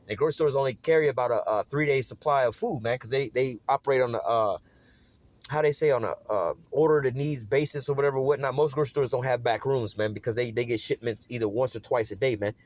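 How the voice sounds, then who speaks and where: A man talks through scripture at a brisk clip, casual and streetwise, leaning on "man" and "all right" between thoughts. His voice sits at an ordinary middle pitch and comes across close and dry. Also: darkish tone, no echo. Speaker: Bible teacher. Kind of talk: informal scripture study.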